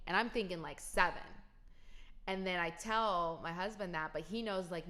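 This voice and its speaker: Speaking directly to her viewers, a young adult woman vlogger shares a personal story in a casual, emphatic way. Her voice is lowish and bright with a forceful tone, and she keeps a moderate pace.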